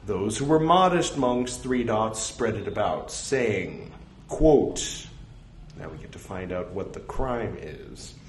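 A man reads old scripture aloud at a slow, unhurried pace, his pitch swinging widely as he goes. He speaks every quotation mark and parenthesis and drops in joking asides. The recording rings with the echo of a roomy space. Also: animated, slight background noise. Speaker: scripture reader. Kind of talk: reading a religious text with casual asides. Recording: echoey room.

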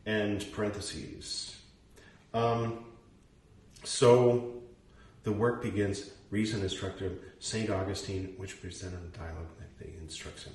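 A man's voice: on the low side, fairly even intonation, takes it slowly, darkish tone. A man reading a text aloud and stopping often to muse over it and question it in a casual way. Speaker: reader and commentator. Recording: roomy echo, distant mic, faint noise.

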